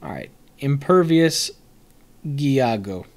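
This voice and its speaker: A young man giving casual, animated live-stream commentary on a card set, joking, swearing and answering his chat. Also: medium pitch, takes it slowly.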